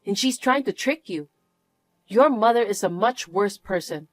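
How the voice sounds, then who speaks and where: An actress playing a wronged young wife who answers with cool, firm defiance. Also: female voice, mid-range voice, expressive, moderate pace, no echo, close to an everyday voice. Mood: defiant. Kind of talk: narrated drama acting.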